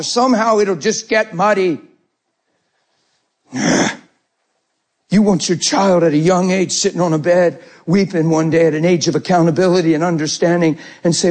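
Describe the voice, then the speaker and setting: Husky-voiced preacher, animated and impassioned. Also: male voice, high voice. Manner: animated storytelling, acting out family dialogue. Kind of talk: sermon.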